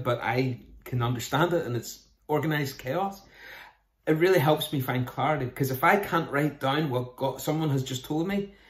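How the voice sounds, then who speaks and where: An earnest pastor, talking his hearers through practical advice in a sermon. He keeps a steady mid-range voice, and the echo of a roomy space rings around him. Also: mid-range voice. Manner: earnest, conversational preaching with rhetorical questions.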